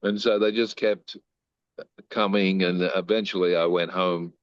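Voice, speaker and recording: An older man with a very deep, low voice tells stories from his life as an interview guest. He slips into the voices of the people he quotes and keeps the anecdotes lively. The sound is dry and a little dull, with no room echo. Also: unhurried. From Australia. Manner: animated storyteller who acts out quoted lines.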